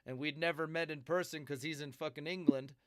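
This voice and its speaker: A man's voice: on the high side, fairly even intonation, brisk, dry recording. A man hosting a podcast, talking in a laid-back, slangy, chatty way. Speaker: podcast host. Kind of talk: casual chat.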